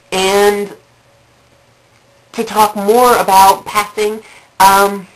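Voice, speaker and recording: Speaking at a fairly low pitch, a young adult woman vlogger rambles her way through funny stories about herself, using lots of fillers and saying some phrases again and again. It's a rough recording.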